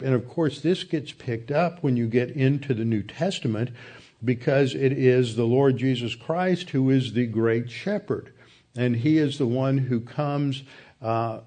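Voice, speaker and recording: A man giving a Bible study lecture, explaining in a measured way with occasional hesitations. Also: mid-range voice, mellow. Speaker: Bible teacher.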